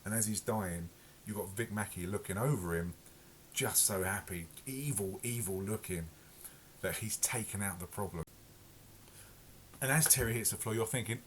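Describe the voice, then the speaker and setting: A man's voice: lowish voice, moderate pace, pauses often, slight background noise. A man reviewing a TV episode in casual, rambling talk full of fillers and self-corrections. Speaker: podcast reviewer.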